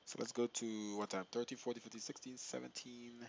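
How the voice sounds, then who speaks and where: A young man live-streaming a flight simulator, chatting excitedly to his viewers and laughing often. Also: medium pitch, a little fast, vocal fry, dull audio, slight background noise. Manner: excitable, laughing, talks to chat.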